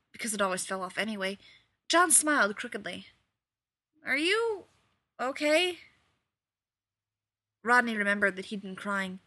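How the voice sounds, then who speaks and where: Bright, lively woman reading a story. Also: fairly high pitch, no echo. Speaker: reader. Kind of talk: storybook narration.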